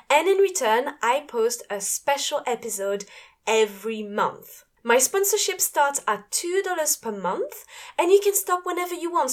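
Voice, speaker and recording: Bright French-accented woman host. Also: high voice. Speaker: podcast host. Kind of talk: podcast host reading promos and interviewing.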